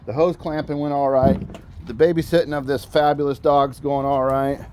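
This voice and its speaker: Chatty joking dad working on a car outdoors. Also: male voice, mid-range voice, flat delivery, normal speed, a little mellow, slight background noise. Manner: chatty, joking, self-mocking. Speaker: father and host of a backyard mechanic channel. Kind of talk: casual vlog narration while working on a car. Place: outdoors in a backyard garage area, rain starting.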